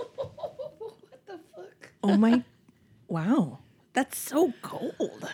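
A woman's voice: high voice, wildly swooping pitch, extremely slow, dark tone, slightly rough. A woman hosting a casual chat who reacts with laughter and swears freely.

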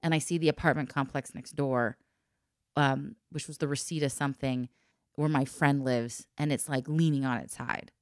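A woman telling a personal story in casual chat, lively and laughing often as she acts out the voices of the people in it. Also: extremely low pitch, normal speed, dry recording, studio quality.

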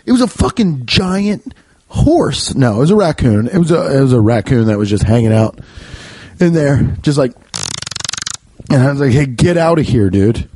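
A man hosting a podcast, telling a comic story in a rambling, profane, animated way. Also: moderate pace, pauses often, breathy edge. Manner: rambling, profane, animated, often jumping high. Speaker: podcast host. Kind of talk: comedic storytelling.

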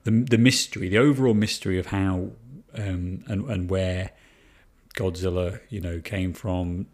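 A man's voice: sits low, steady tone, unhurried, a little mellow. A man co-hosting a casual film review chat, rambling with restarts and swearing for emphasis. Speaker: podcast co-host.

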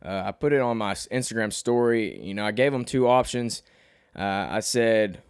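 A man's voice: normal speed, smooth, no echo, studio quality. A young man from Arkansas with a slight Southern twang, hosting his own podcast in a rambling, self-deprecating monologue. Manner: rambling, self-deprecating, restarts often, rises in pitch when animated. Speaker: podcast host and rapper.

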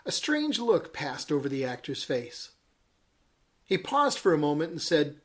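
A man's voice: fairly high pitch, big pitch swings, measured pace. A man, a bishop, giving a daily devotional message, telling a story with dramatic emphasis and chuckling at his own jokes.

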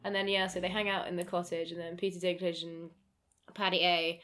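A woman chatting casually about a film, joking and breaking into laughs and shouts. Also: fairly low pitch, a little fast. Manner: lively, laughs and shouts when amused. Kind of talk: casual chat reviewing a film.

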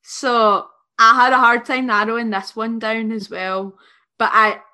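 A woman guest on a podcast, telling stories in a giggly, animated way. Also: fairly high pitch, unhurried. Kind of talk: casual podcast chat.

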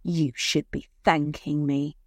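A woman's voice: sits low, flat delivery, slow pace, darkish tone, no room sound, studio quality, heavily acted. A woman voicing a curt, contemptuous young man in a story reading. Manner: curt and dismissive.

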